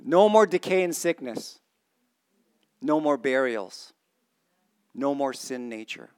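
A man preaching a sermon, reading scripture aloud and quizzing his congregation, swinging from excited exclamations to quiet earnest emphasis. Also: mid-range voice, slow pace, clean tone. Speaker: pastor.

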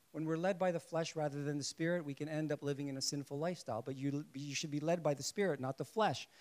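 A man preaching a sermon to a congregation in a lively way, asking them questions and joking along the way. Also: fairly high pitch. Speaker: pastor.

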